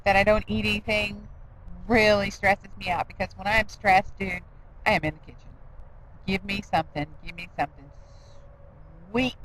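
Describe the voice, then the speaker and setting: A woman's voice: mid-range voice, a bit bright, slight background noise, poor audio. A middle-aged woman rambling in a casual vlog, self-deprecating with laughing asides. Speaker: diet vlogger.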